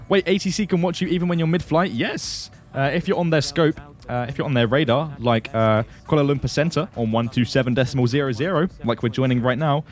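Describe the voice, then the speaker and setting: A man's voice: mid-range voice, moderate pace, soft background music. A man hosting a flight simulator livestream, chatting casually, answering viewers and laughing often.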